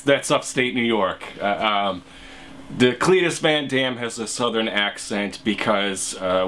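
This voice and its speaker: A man's voice: medium pitch, a bit bright. A man vlogging in a rambling, hesitant casual commentary monologue.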